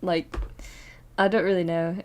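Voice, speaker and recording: A young adult woman streamer telling a long personal story in casual chat, halting and full of fillers and nervous laughs, on a streaming microphone. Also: on the low side, level tone, darkish tone, clear, resonant tone.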